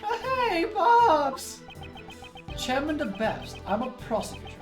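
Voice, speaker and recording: A woman voicing a brash, bumbling young male prosecutor who blusters loudly. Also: high-pitched, big pitch swings, slow pace, voice pushed up, full character voice. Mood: blustering. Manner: loud, blustering. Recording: echoey room with music behind.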